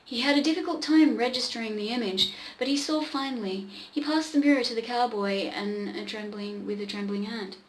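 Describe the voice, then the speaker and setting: A woman's voice: on the high side, a little fast, hardly any pauses, echoey room, low-quality recording. A woman hosting a show, casually reading an old pulp story aloud, with irreverent swearing asides. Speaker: podcast host reading old pulp stories.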